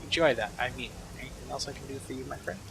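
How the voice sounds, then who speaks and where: A man reading as a smooth, smug dealer. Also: medium pitch, fast talker, a bit bright, a little hiss or hum, rough recording. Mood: courteous. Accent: faint foreign accent attempt. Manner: polished, courteous salesman patter. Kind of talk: video game dialogue read-aloud. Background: game music.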